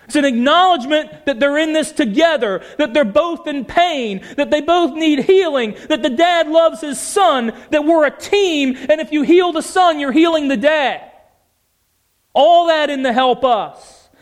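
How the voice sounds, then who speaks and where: High-voiced, passionate male preacher. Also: a little slow. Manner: passionate, emphatic, asks the audience questions. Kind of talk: sermon.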